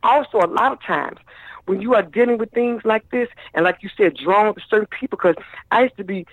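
A man calls into a radio show as a guest minister, preaching with fervent cadence and calling listeners "baby." His voice is high and fairly quick, coming through a tinny telephone line with no room sound.

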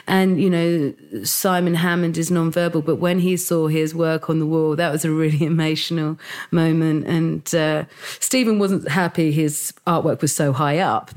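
A woman, a podcast guest and founder, telling emotional stories with many pauses and fillers. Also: low voice. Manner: warm, halting, with frequent fillers and laughs. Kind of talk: emotional interview storytelling.

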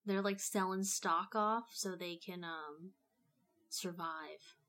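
A woman's voice: on the low side, slow, fairly bright tone. A woman co-hosting a podcast in casual chat, blunt and sarcastic, swearing freely. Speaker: podcast co-host.

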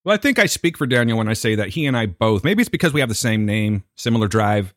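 Teasing man with a lively voice. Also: fairly low pitch, fast talker, no room sound, clean studio sound. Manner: joking, teasing, plugs his friend's music. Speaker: podcast co-host. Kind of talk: casual chat.

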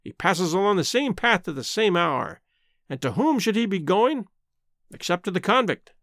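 A man's voice: high-pitched, very animated, normal speed, a bit bright, dry recording, studio quality. A man playing a pompous spiteful old squire. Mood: confiding. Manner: indignant, blustering, emphatic.

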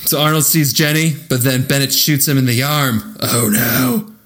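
A man's voice: medium pitch, moderate pace, fairly bright tone. A man co-hosting a podcast, recapping a film plot in a casual, laughing, profane way. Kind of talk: casual chat.

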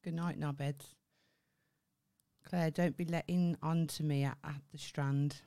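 A woman's voice: sits low, steady tone, gravelly, mellow. A young woman with a Birmingham accent, co-hosting a podcast in brash, sweary casual chat. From England. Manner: brash, sweary, quick to laugh. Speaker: podcast co-host.

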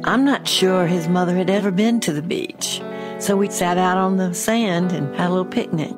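A woman with a somewhat low voice remembers past events in a gentle, conversational tone. Plucked guitar music plays clearly under her words. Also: moderate pace. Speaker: interviewee. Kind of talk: casual recollection.

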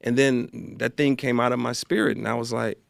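A man from Chicago tells long stories as a podcast guest, bringing them alive by acting out the people in them. His voice sits at a middle pitch. It is recorded on a close mic in a dry room. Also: fairly even intonation, fairly quick, vocal fry, no echo. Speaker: guest, actor and filmmaker. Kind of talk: storytelling in a podcast interview.

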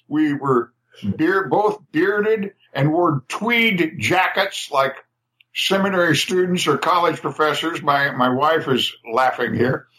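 Older writer guest, bright-voiced, rambling, laughing raconteur. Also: male voice, on the high side, takes it slowly, rough recording. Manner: chatty storyteller, laughs often, repeats words. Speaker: guest writer telling stories. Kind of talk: casual anecdotal interview.

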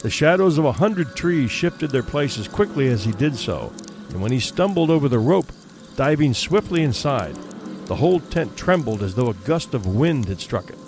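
A man narrating a ghost story as an audiobook, in a measured, steady storytelling manner. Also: medium pitch, over music.

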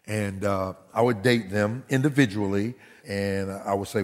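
A man preaching as a pastor, telling stories from his own family, who grows animated and nearly shouts at times. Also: fairly low pitch, normal speed, few pauses, in a large hall. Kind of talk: sermon storytelling.

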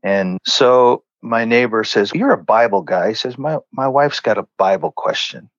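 A man's voice: mid-range voice, animated, moderate pace, dry recording, muffled recording. A man speaking as a guest in an earnest, conversational way, telling stories and acting out what others said. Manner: earnest, conversational, acts out quoted lines. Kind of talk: storytelling in a faith interview.

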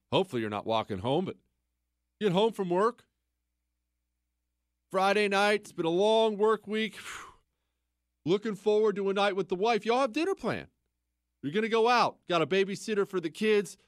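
Male talk radio host, middle-aged, slightly high voice, emphatic, dry close studio mic. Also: lively intonation, normal speed, pauses often, no echo. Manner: emphatic, swings between loud exclaiming and low muttering.

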